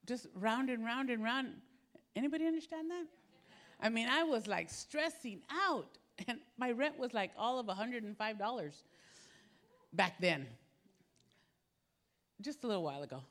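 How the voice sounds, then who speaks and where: High-voiced woman preaching with animated storytelling. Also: measured pace. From Philippines. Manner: animated storytelling, acting out her own panic. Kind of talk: sermon.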